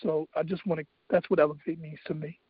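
A man's voice: a little high, level tone, fast, husky, no echo. A man hosting a talk radio show, telling a personal story in an earnest, faith-driven way with many fillers. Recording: dull, dry lo-fi radio sound.

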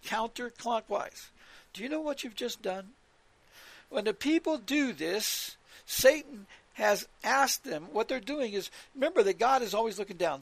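A man's voice: sits high, vocal fry, dry recording. A man preaching on scripture, repeating his points with emphasis and citing verses as he goes. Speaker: religious radio teacher.

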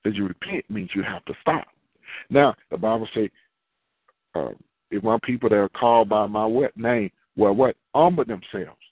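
A man's voice: fairly low pitch, lively intonation, moderate pace, breathy edge, no room sound. A man preaching a sermon in a conversational way, asking the listeners questions and answering them himself. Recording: tinny phone-line sound, dry.

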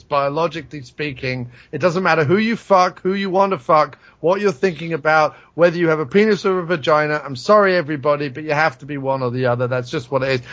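A man's voice: high voice, fairly bright tone, lo-fi sound. A man telling rambling, profane stories as a podcast co-host, laughing as he goes. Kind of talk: casual chat, storytelling.

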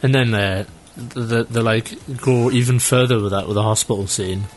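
A man's voice: medium pitch, fairly even intonation, normal speed, slight background noise. A man co-hosts a film podcast in easy, casual chat. He rambles, restarts and fills his talk with "like.". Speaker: podcast co-host.

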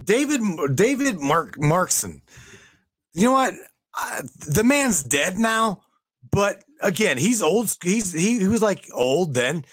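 Excitable swearing man, high and lively. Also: slow pace, no echo. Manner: excitable, swears a lot, stumbles and restarts. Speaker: beer hauler, union truck driver. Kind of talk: casual chat.

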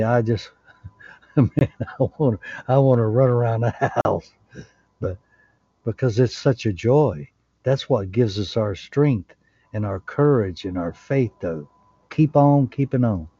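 A man sharing earnest testimony and prayer on a group call, fervent and excitable. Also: fairly low pitch, a little slow, breathy edge, no room sound. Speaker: call participant. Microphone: online group call. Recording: dull lo-fi call audio.

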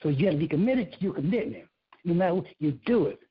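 Husky guy preaching life advice, cusses a lot, repeats himself, muffled lo-fi audio. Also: fairly high pitch, sing-song, fast talker. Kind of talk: casual motivational rant.

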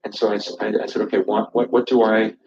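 A man's voice: lowish voice, little pitch movement, quick pace, a little mellow, slight background noise. A man preaching a sermon, urgent and impassioned, often repeating words as he restarts a thought. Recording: echoey, distant, dull church recording.

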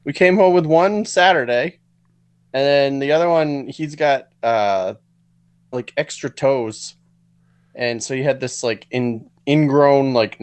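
A man co-hosting a podcast, relaxed and easygoing while telling a story in a casual chat. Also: medium pitch. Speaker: podcast co-host.

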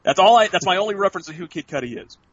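A man's voice: high-pitched, animated, rapid-fire, no echo. Easygoing man on a dull lo-fi line. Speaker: podcast guest. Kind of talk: casual chat.

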